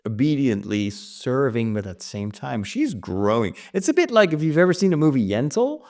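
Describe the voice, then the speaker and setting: Guy with a creaky voice rambling through his story ideas, casual vlog talk. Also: medium pitch, big pitch swings, normal speed, darkish tone. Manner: rambling, thinking aloud with frequent restarts. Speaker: writer and vlog host.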